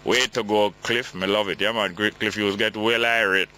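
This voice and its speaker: Deep-voiced Jamaican radio host. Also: male voice, steady tone, normal speed, bright, forceful tone, a little hiss or hum, rough recording. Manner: reads listener texts and comments in patois. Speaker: radio talk show host. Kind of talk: call-in radio talk.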